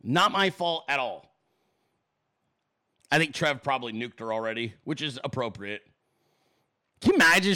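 A man's voice: sing-song, brisk, pauses often, sharp tone, dry recording. A man hosting a casual livestream Q&A, swearing freely, mocking his chat and ranting. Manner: profane, mocking, puts on shrill voices. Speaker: livestream host. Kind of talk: crude casual livestream rant.

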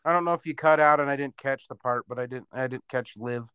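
A man's voice: mid-range voice, quick pace, pushed and bright, clear, resonant tone, dry recording, lo-fi sound. A man co-hosting a podcast in casual chat, jokey and teasing. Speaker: podcast co-host.

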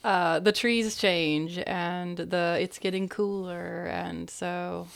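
A woman's voice: on the low side, fairly even intonation, slow, creaky, clean tone, no room sound, studio quality. A woman hosting a podcast interview, curious and agreeable, asking follow-up questions. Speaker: podcast host. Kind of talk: interview conversation.

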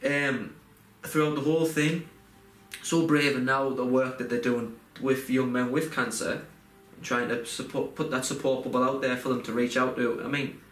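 A man's voice: mid-range voice, steady tone, moderate pace, a bit bright. Man in casual, heartfelt chat. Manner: rambling, heartfelt, frequent fillers and restarts. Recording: roomy echo, faint background noise.

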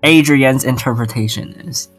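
A man's voice: mid-range voice, normal speed, fairly bright tone, faint music behind. A man co-hosting a casual podcast chat, hesitant and often repeating words as he searches for what to say. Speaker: podcast co-host.

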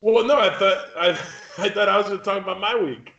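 A man's voice: sits high, a little fast, gravelly, a bit bright, reverberant, muffled recording. A young man co-hosting a podcast, telling a long story casually, swearing a lot and acting out the people in it. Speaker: podcast co-host.

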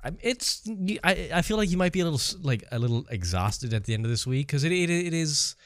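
Woman, extremely deep voice, lively intonation, dry teasing podcast co-host, close dry sound. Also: quick pace, dry recording. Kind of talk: casual movie podcast chat.

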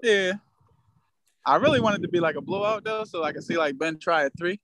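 High-voiced man arguing his sports takes. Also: fast talker, fairly bright tone, slight background noise. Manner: earnest, opinionated, slangy. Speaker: podcast co-host. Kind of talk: casual sports chat.

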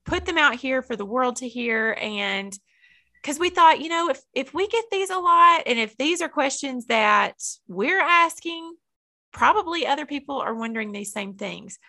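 A woman's voice: a little high, expressive, unhurried, sharp tone. A woman co-hosting a podcast, joking in casual chat and reading out listener questions. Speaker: podcast co-host, school counselor.

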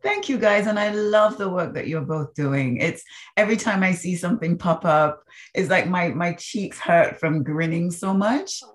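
Woman, from the Caribbean, very low voice, podcast guest, expressive storyteller. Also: moderate pace. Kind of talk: storytelling in a conversational interview.

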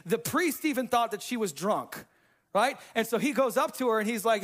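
A man preaching a sermon as pastor, talking casually with slang and swinging between hushed, intimate moments and fired-up emphasis. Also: extremely high pitch, lively intonation, brisk.

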